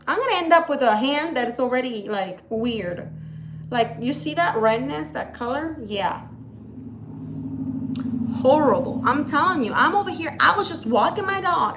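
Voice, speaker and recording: A woman vlogging casually, retelling a mishap in an exasperated, animated way. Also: a little high. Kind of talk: casual vlog storytelling.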